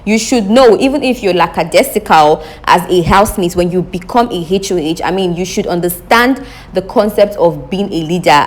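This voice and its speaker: Emphatic woman recapping drama. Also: lowish voice. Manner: animated, emphatic, addresses viewers as guys, repeats questions for effect. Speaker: reality show recap host. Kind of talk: casual opinionated commentary.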